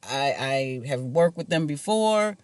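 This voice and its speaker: A man's voice: on the high side, expressive, slow, smooth, no room sound. A man talking to camera in a rambling personal monologue, casual and musing, chuckling to himself now and then. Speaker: vlogger.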